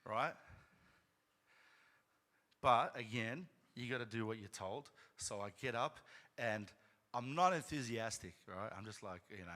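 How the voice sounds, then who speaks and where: A man preaching in a church sanctuary, telling a personal story as though chatting with the congregation and tossing in "right?" again and again. His voice is bright and forceful, and at its height it climbs loud and high. Long reverb trails behind his words. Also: expressive, normal speed, pauses often. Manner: conversational, frequent "right?" asides, rising to loud emphatic peaks. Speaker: pastor.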